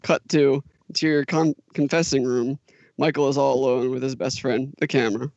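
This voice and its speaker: A man narrating a comedy script in a deadpan, matter-of-fact way. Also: mid-range voice, moderate pace, no echo, muffled recording. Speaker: comedy podcast co-host reading a script.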